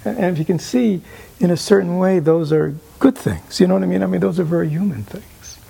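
Male meditation teacher, fairly high yet dark, gravelly voice; halting talk that dips into whispers. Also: expressive. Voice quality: often drops to an unvoiced whisper. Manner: halting, many fillers, rhetorical "right?". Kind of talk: dharma talk answering questions.

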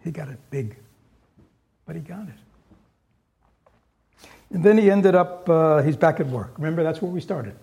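A man's voice: on the high side, normal speed, gravelly, long pauses, warm tone. A man giving a dharma talk in a loose, conversational way, with frequent fillers, who reads story passages aloud with rising force. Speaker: dharma teacher.

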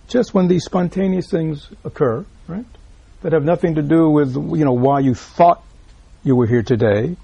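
Man, dharma talk, gravelly, mellow, keeps asking "right?", soft asides. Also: fairly high pitch, no room sound, dull audio. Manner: keeps checking in with "right?", repeats himself, drops into soft asides. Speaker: Buddhist teacher. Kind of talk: dharma talk explaining a read-aloud text.

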